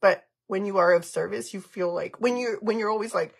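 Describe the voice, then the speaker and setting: Husky gravelly woman chatting candidly. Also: mid-range voice, brisk. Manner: candid, emotional, mixes Spanish slang. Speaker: vlogger doing a live stream. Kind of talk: casual chat while removing makeup.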